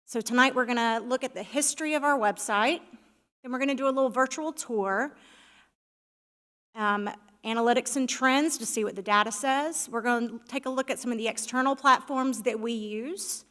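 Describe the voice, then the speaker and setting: A woman on the village staff briefs the council on the website, organized and friendly as she explains. Her voice sits somewhat high. The sound carries the long reverb of a large meeting hall. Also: normal speed, a bit bright. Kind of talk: presentation to council.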